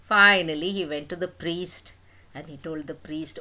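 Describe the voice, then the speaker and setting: An older woman telling a folk tale to children in an animated, dramatic way. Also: sits low, a little slow. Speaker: storyteller. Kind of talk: storytelling to children.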